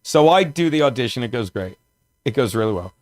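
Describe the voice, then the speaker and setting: A man's voice: medium pitch, lively intonation, brisk. A man in his fifties from South Jersey, telling a rambling story on a podcast and laughing as he goes. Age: 50s. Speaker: comedian guest.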